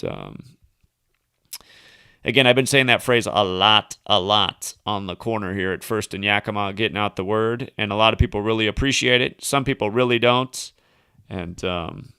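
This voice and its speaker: A man talks alone on his livestream, stringing number after number together with loose asides. His voice is bright and crisp, recorded close and dry. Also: on the low side, dry recording. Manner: rambling, reels off number links and asides. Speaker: livestream host. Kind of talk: solo livestream monologue.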